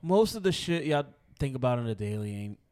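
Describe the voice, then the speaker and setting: A man's voice: medium pitch, sing-song, brisk, darkish tone. Laid-back man musing in casual chat. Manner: laid-back, slangy and reflective. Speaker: podcast co-host.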